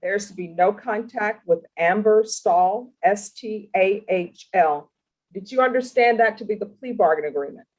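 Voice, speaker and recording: A woman with a mid-range voice presides as a judge in a courtroom. She questions people formally and deliberately, with a stern edge. Her phrasing is measured and firm. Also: mid-range voice, low-quality recording. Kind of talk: courtroom plea hearing.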